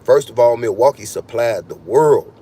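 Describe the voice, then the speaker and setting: A man's voice: mid-range voice, moderate pace, warm tone, breathy edge. A man delivering a heated, profane, freewheeling podcast monologue, ranting and swearing constantly. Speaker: podcast host.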